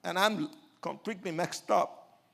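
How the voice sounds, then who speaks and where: Older man, Puerto Rican Spanish accent, sermon testimony, high voice, slow delivery, swings from quiet to loud. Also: gravelly. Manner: animated, acts out quotes, laughs, shifts from soft to shouting. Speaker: preacher giving testimony.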